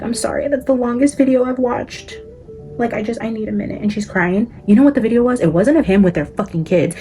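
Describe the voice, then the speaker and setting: A woman with a low, mellow voice vents straight to her viewers, swearing freely and scattering "like" and "guys" through every sentence. She talks like a psychic vlogger airing frustrations, with faint music underneath. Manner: profane, exasperated venting, frequent "like" and "guys". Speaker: psychic vlogger, channel host. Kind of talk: casual ranting commentary to viewers.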